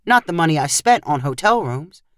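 Casting: woman playing a laid-back old grandpa, calm and gently persuasive, dry close sound. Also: deep voice, normal speed, no room sound. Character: easygoing generous grandfather, chuckling.

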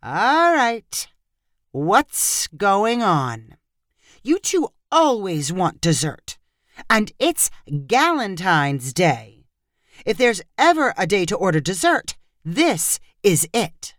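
A woman's voice: medium pitch, big pitch swings, takes it slowly, dry recording, studio quality. A woman voicing an indignant young woman who feels betrayed by her friends, in a pointed, wry tone. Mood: suspicious.

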